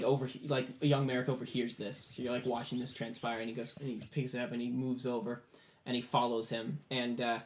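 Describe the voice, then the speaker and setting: A man's voice: medium pitch, reverberant. Guy running a tabletop game, loose rambly narration, lots of likes and uhs. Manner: loose and rambling, many fillers. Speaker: game master.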